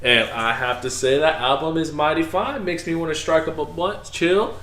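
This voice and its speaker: Animated man telling a story in an echoey room. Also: a little high, moderate pace. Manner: animated storytelling, acting out his own reactions. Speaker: podcast co-host. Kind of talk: casual podcast chat.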